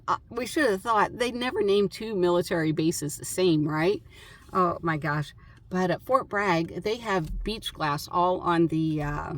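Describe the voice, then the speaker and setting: A woman vlogger chatting casually about her travels, rambling with lots of fillers. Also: on the low side. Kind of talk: casual chat.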